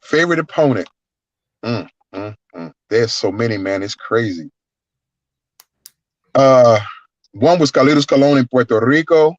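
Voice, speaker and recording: A man, a guest wrestler, telling stories in an animated, profane way and acting out the voices. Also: mid-range voice, dry recording. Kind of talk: casual storytelling. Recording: dull lo-fi, dry sound.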